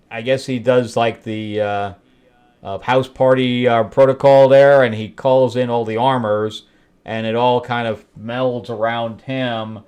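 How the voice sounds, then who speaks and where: A middle-aged man hosting a comic review show, recapping an issue in a loose, rambling way, chuckling at his own asides with lots of fillers. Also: medium pitch. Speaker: comic book review host. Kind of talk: casual solo recap.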